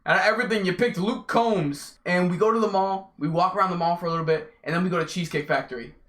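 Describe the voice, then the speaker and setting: A young man telling a casual story on his vlog, animated and slangy. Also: sits high, fast talker. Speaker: vlogger. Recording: echoey room.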